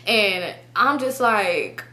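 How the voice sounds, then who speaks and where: A young woman casually telling a story to her viewers, animated and profane, acting out her friends' lines. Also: medium pitch, extremely slow. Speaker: storytime vlogger.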